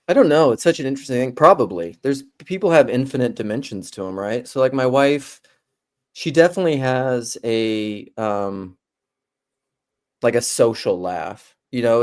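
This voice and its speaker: A man's voice: mid-range voice, darkish tone. A man hosting a podcast, from Minnesota, rambling casually and laughing easily. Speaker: podcast host. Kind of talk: casual chat.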